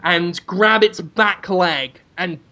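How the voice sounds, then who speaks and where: A man's voice: high-pitched, takes it slowly, bright, forceful tone. A man co-hosting a comedy podcast, rambling through absurd, crude scenarios. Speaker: podcast co-host.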